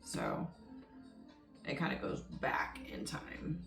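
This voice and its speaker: A woman tarot reader talking casually and rambling, with many ums and you-knows. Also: slow pace. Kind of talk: casual spoken tarot reading. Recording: roomy echo with faint music underneath. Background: faint background music.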